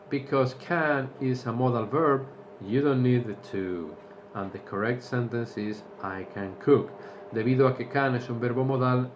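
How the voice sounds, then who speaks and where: A man teaching English to Spanish speakers, explaining slowly and repeating each point in Spanish. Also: medium pitch, lo-fi sound, slight background noise. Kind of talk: bilingual language lesson.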